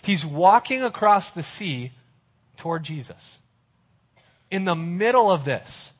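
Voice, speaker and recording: A man's voice: sits high, expressive, slow. A man preaching a sermon as a pastor, retelling a story vividly with casual asides to the listeners.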